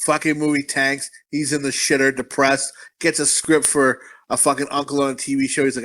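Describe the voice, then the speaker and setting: A man's voice: medium pitch, little pitch movement, fairly quick, few pauses, sharp tone. A man co-hosting a movie podcast, telling long crude rambling stories in casual chat, full of swearing. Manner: profane, rambling storyteller. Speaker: podcast co-host.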